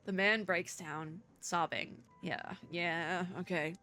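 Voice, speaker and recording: Faint music plays behind a young woman with a lowish, steady, bright and forceful voice who speaks slowly. Indoors at home, she narrates a game playthrough, reading the story aloud and musing on it in a chatty way packed with fillers.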